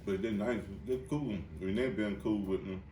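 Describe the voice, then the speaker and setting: A man hosting a podcast in a loud, joking way, laughing a lot and swearing freely in casual chat. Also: lowish voice, moderate pace, a little hiss or hum. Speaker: podcast host. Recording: echoey room, mic at a distance.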